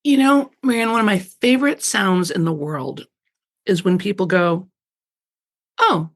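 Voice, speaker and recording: A woman's voice: mid-range voice, normal speed. A middle-aged woman guest on a radio interview, chatting casually and animatedly, often laughing and acting out little quoted voices. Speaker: author guest.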